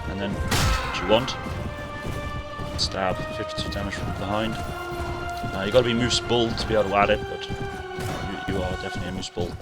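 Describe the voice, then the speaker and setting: A rambling man with a low voice, hoarse from a sore throat, talks casually to his viewers while he plays. Music runs clearly underneath. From England. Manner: chatty, rambling, talks to chat while playing. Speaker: game streamer. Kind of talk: casual live-stream gaming commentary. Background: background music.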